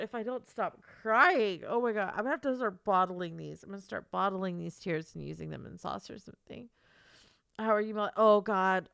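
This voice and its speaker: Emotional and tearful, a streamer and author rambles and laughs through a casual live-stream chat, crying now and then. She speaks at medium pitch with a creaky, slightly bright, clean tone, captured in studio quality with no room sound.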